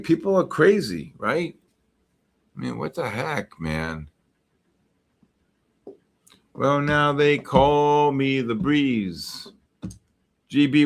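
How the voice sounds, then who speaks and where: A man with a medium-pitched, fairly bright voice hosts a live futures trading stream. He rambles through charts and viewer chat messages, using lots of filler words.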